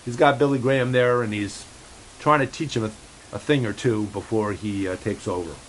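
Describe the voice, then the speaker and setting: A man's voice: on the low side, rough recording. Rambling man with a faint hiss. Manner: halting, many fillers and restarts, relays a cat's remarks. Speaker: host of a home-made pet show. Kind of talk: rambling casual monologue.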